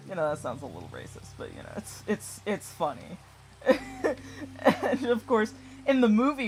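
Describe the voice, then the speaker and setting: A channel creator casually retelling a book and film in a loose, rambling way, full of fillers, swearing and laughter, and acting out the characters' lines along the way. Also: medium pitch.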